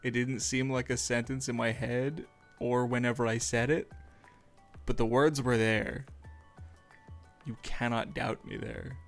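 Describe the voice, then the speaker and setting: Gravelly, unhurried male streamer. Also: mid-range voice, level tone, faint music behind. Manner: rambling, self-mocking jokey asides. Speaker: streamer drawing live. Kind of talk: casual livestream chat while animating. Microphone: streaming microphone.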